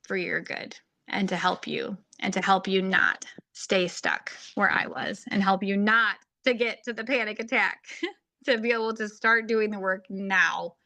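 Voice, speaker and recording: A woman's voice: medium pitch, vocal fry, sharp tone. A woman hosting a faith-based podcast, talking earnestly and heartfelt in a casual monologue, with plenty of "like" and "um". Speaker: podcast host and faith-based marriage coach.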